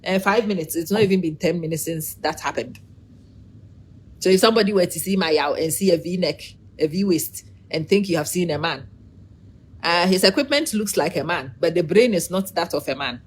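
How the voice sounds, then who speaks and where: Animated middle-aged woman vlogging. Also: fairly low pitch, moderate pace, slight background noise. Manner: animated, preachy, teasing, talks to viewers by name. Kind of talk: casual opinion monologue.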